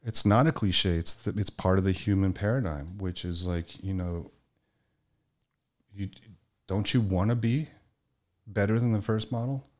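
A man with a very low, deep voice talks candidly in a relaxed chat, swearing freely. He tells personal stories and acts out the lines of the people in them. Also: unhurried, long pauses. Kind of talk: candid conversational storytelling.

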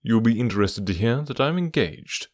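A man reading the part of a calm, cool-headed middle-aged detective in an audiobook, speaking in a measured, dryly assured, hushed way. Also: mid-range voice, no echo, studio quality, close to an everyday voice. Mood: dry, amused.

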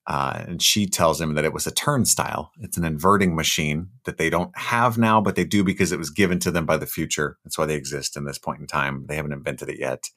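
Young guy, really deep voice, loose casual podcast recap, does silly character voices now and then. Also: a little fast, hardly any pauses, a bit bright. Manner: recaps scenes, acting out lines in joking voices. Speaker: podcast co-host. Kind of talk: casual film recap chat.

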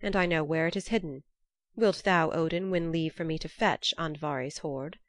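A sly trickster god, sharp-tongued and mocking, full of mischief, as a woman reads him. The voice sits lowish and close, with a dry sound. He is quick and needling. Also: dry recording, natural voice. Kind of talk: storybook reading.

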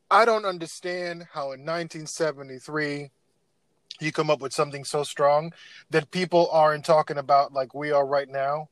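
A man's voice: a little high, fairly bright tone, no echo. A man co-hosting a casual music podcast, talking earnestly and with emphasis. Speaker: podcast co-host. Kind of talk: casual chat about records.

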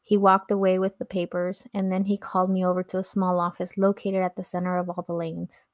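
Woman host, personal memoir narration, reflective, level pitch, dry studio sound. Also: completely flat delivery, fairly quick, dry recording. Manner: earnest, reflective storytelling. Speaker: podcast host telling her own story.

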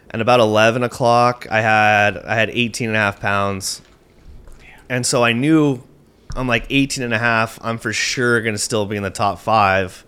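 A male podcast guest speaks in a medium-pitched, clean-toned voice. He excitably tells a tournament fishing story, peppering it with "like" and casual swearing.

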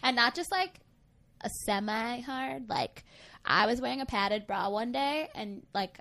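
A woman's voice: fairly high pitch, a little slow, sharp tone. Chatty young woman laughing through stories. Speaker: podcast co-host. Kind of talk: casual chat.

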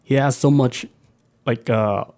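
A man's voice: mid-range voice, slow, a little mellow. A man co-hosting a podcast, talking loosely and profanely with lots of filler words. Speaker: podcast co-host. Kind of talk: casual chat.

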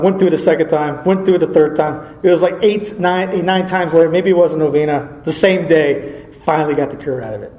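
A man's voice: fairly high pitch, dark tone. A man reading aloud from an old religious book, breaking in with casual asides and chuckles. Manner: informal asides, chuckling, frequent fillers. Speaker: Catholic speaker reading from a saint's life. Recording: echoey room.

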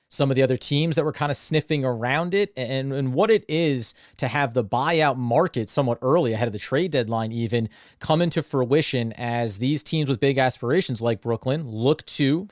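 Smooth-talking male basketball podcast host. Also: mid-range voice, no echo, studio quality. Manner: smooth, upbeat, fluent. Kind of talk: casual sports podcast chat.

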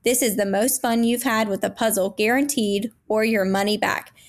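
A woman's voice: mid-range voice, fairly even intonation, moderate pace. A woman reading a podcast sponsor advertisement in an enthusiastic, selling manner. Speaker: ad reader. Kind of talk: upbeat sponsor read.

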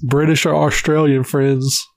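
A man co-hosting a podcast, an animated storyteller who swears freely in casual chat. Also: fairly high pitch, a little slow, vocal fry, dry recording. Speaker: podcast co-host.

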